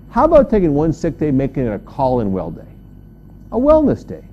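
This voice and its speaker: A man delivers a humorous motivational talk with a lively, swooping voice that jumps up on the punchlines. His tone is mellow and warm. The recording sounds a little dull, with faint ambient noise behind him. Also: a little fast. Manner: animated storyteller, jumps high on punchlines. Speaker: motivational speaker.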